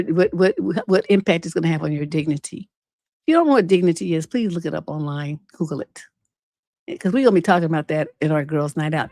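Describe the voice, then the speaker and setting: A woman's voice: medium pitch, no echo, clean studio sound. A woman relationship coach hosting an unscripted advice livestream, telling stories bluntly and with plenty of profanity. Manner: blunt, profane, animated storytelling.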